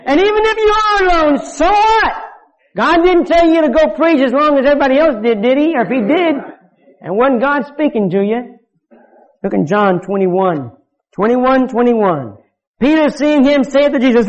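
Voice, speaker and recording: A male preacher giving a fervent sermon, swinging between loud outbursts and low, quiet lines. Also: animated, moderate pace. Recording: dull lo-fi sound.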